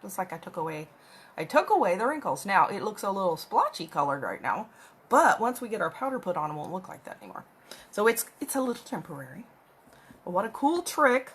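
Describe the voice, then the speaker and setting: A husky, fairly bright mid-range voice, very animated and brisk, belongs to a makeup vlogger chatting casually through a tutorial. She talks while applying makeup at home with her cat, filmed on a phone camera.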